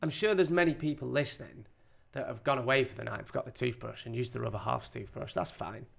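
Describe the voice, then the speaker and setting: A man's voice: mid-range voice, fast talker, creaky. A British man co-hosting a podcast, giving blunt, jokey advice in casual chat. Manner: blunt, jokey, laughing asides.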